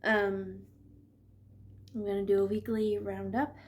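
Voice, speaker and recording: Middle-aged woman, unhurried, chatty knitting vlogger, stuffy from allergies. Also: medium pitch, flat delivery, slight background noise. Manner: chatty, laughs often, drifts off topic. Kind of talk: casual chat.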